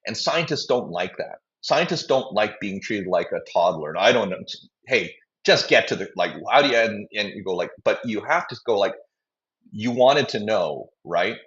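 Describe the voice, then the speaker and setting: A man with a low voice speaks as a guest, rambling through long answers and slipping into quoted voices. The sound is dull and lo-fi. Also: expressive, normal speed, a bit bright. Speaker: biotech company CEO, guest. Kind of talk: conversational interview answer.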